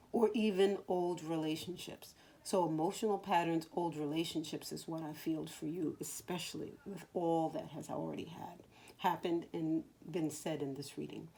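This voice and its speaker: A woman giving a spiritual card reading in a slow, soothing voice that sometimes drops to a whisper, choked up with emotion. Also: on the low side, dark tone, husky. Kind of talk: soft spoken tarot-style reading.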